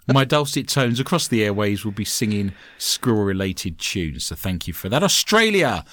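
A man with an English accent hosting a podcast, chatting in a joking, animated way. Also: lowish voice, moderate pace. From England. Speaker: podcast host. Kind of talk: casual podcast chat.

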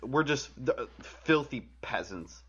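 A man's voice: mid-range voice, expressive, slow pace, a bit bright, husky, dull audio. A man co-hosting a podcast, chatting casually about sports with dry, sarcastic quips. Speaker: podcast co-host.

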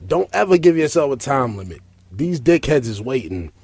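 A man hosting a casual talk show, loud, joking and crude as he teases his guests. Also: mid-range voice, very animated, moderate pace, slightly rough, no room sound. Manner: loud, joking, profane, teasing. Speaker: podcast host.

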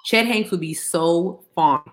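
A woman's voice: fairly low pitch, unhurried. A woman co-hosting a podcast in casual chat, emphatic and slangy, repeating her punchlines for effect. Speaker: podcast co-host.

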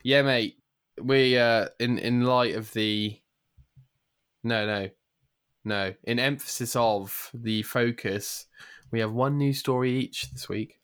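A man's voice: mid-range voice, steady tone, slow pace, fairly bright tone, clean tone. A man co-hosting a podcast in upbeat, chatty conversation. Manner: upbeat, chatty, says "mate" often. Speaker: podcast co-host. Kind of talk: casual chat.

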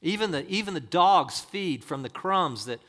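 A man preaching a sermon, voicing a proud, offended foreign woman who answers back loudly and indignantly. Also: mid-range voice, huge pitch swings, husky. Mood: pleading. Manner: loud, indignant, rapid rhetorical questions.

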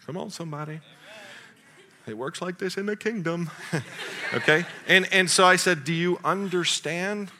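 A middle-aged man, a pastor, preaching a sermon through a family story and acting out the dialogue. He swings between loud excitement and quiet asides. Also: sits high, moderate pace, long pauses, a little hiss or hum.

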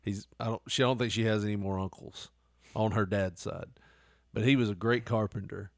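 A man's voice: on the low side, steady tone, brisk, no room sound, studio quality. A married man co-hosting a podcast, teasing and giggling often in casual banter. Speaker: podcast co-host.

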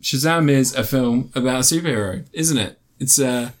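A man's voice: mid-range voice, moderate pace. A man co-hosting a casual podcast and reviewing films, rambling and cutting himself off with crude jokes. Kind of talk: casual chat, film review.

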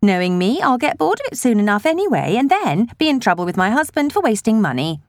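A woman's voice: a little high, sing-song, fast talker, no echo, studio quality, voice pushed up. A woman voicing a chatty, nosy middle-aged village woman who gushes in breathless chatter, in an audiobook. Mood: gushing. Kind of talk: audiobook character voice.

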